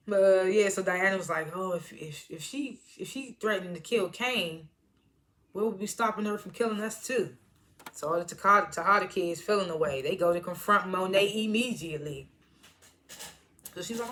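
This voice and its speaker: A woman's voice: mid-range voice, normal speed, bright, forceful tone. A woman giving a casual episode recap, retelling scenes by quoting the characters in slangy talk and laughing often. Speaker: TV episode reviewer.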